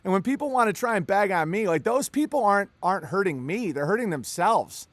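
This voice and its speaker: A fairly high-voiced man talks in a loose, animated way, peppering his points with curses and quick jokes. The sound is dry and close, with no room around him. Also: no echo. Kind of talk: casual conversation.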